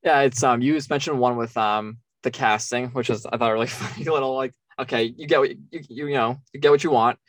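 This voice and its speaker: A man's voice: mid-range voice, fast, hardly any pauses, no room sound. An American man co-hosting a casual film discussion, laughing often as he reads trivia aloud. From United States. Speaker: podcast co-host.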